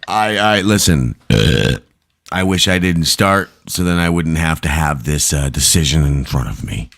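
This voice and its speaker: A man's voice: extremely low pitch, animated, a little slow, vocal fry, a bit bright. A man hosting a livestream podcast, rambling in playful, self-deprecating casual chat. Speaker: podcast host.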